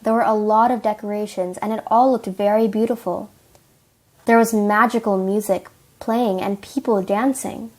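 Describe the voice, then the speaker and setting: A woman's voice: mid-range voice, fairly even intonation, normal speed, darkish tone. A teenage girl reading plain storybook narration for a school play. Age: teens.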